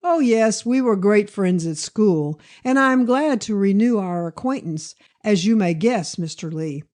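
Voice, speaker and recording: A woman's voice: medium pitch, lively intonation, measured pace, darkish tone, natural voice. A woman reading aloud and voicing a courteous young male barrister. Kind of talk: audiobook character voice.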